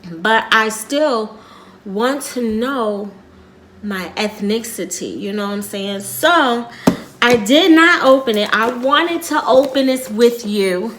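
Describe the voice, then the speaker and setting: A middle-aged woman vlogging casually, rambling and repeating herself as she tells a personal story in an earnest, quiet way. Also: a little high, animated, takes it slowly, a little hiss or hum.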